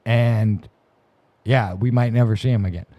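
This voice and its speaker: A man's voice: fairly low pitch, steady tone, normal speed, warm tone. A man on a podcast, telling his recovery story in a rambling, profane way, with many restarts. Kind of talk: casual storytelling. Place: podcast room.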